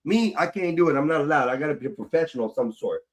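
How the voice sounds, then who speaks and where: A man with a fairly high voice rants into his livestream mic. He swears constantly, circles back over the same complaints and sounds fed up. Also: expressive, rapid-fire. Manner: swears heavily, repeats himself, frustrated. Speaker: livestream host. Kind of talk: angry livestream rant.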